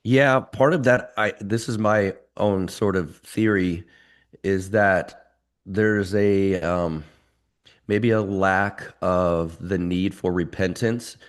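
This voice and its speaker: A man speaking as a guest in a relaxed conversation, telling stories thoughtfully. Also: sits low, slow pace. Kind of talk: casual conversation.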